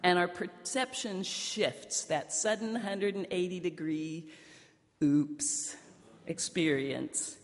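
With a lowish voice and slow delivery, a woman pastor shares a personal story during her sermon. Her manner is conversational, livening up for the punchlines, and the recording has a long hall reverb.

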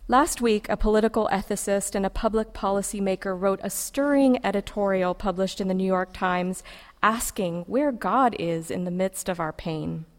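A woman preacher giving a sermon, reciting a poem in a measured, poetic way with dramatic pauses, in a church sanctuary. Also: mid-range voice. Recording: long reverb of a large hall.

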